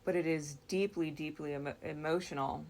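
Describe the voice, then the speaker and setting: Low, gravelly woman for a dream-story read: unhurried, reflective, halting. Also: steady tone, darkish tone, slight background noise. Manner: slow, reflective, with frequent pauses and restarts. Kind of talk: recounting a dream.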